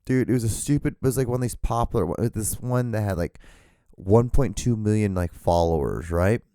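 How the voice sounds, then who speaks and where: Man, podcast host, low-pitched, warm dark tone, casual profane ranting. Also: brisk, clear, resonant tone, no echo, studio quality. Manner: rambling and profane, rants with frequent restarts. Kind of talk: casual solo podcast rambling.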